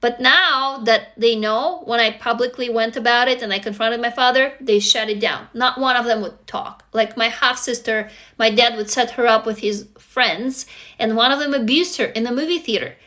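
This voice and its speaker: Intense high-voiced woman. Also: normal speed, pushed and bright. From Russia. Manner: raw, intense, profane, repetitive. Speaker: livestream host. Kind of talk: emotional livestream monologue.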